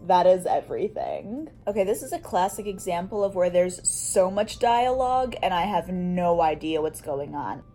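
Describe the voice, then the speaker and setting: A woman's voice: medium pitch, dark tone. A young woman vlogging her reaction to a film, talking casually, exclaiming and asking questions aloud as she watches.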